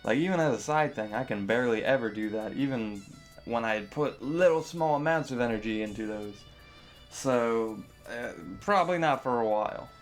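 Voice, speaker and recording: Young guy rambling thru a viewer q&a, mid-pitched voice, lots of likes and ums, faint music behind. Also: moderate pace. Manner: rambling, filler-heavy, self-deprecating. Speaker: YouTube reviewer answering viewer questions. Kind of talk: casual Q&A vlog.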